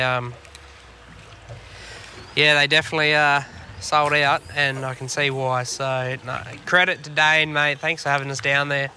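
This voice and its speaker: A laid-back Australian man, very bright and forward in tone and a touch high for a man, chatting and rambling on a fishing podcast. He swears freely as he goes. It's recorded out on a boat, with faint noise underneath. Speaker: podcast co-host. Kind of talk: casual chat. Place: on a boat on the water.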